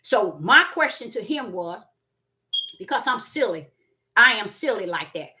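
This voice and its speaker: A woman preaching a spontaneous sermon, repeating words for emphasis and swinging between loud and soft. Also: mid-range voice, sing-song, measured pace. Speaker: self-styled prophet and preacher.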